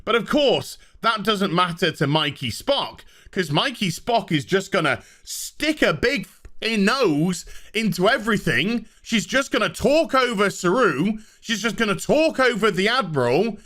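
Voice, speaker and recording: A man tearing into a TV episode with sarcastic, dismissive energy. His voice sits a little high, swings wildly in pitch and has a bright, forceful edge. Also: lively intonation, a little slow. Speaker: show reviewer. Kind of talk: ranting TV review.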